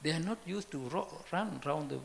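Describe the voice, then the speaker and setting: A man giving an informal Buddhist talk, halting and repetitive, often asking his listeners questions. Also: a little high, creaky. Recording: long hall reverb, faint background noise.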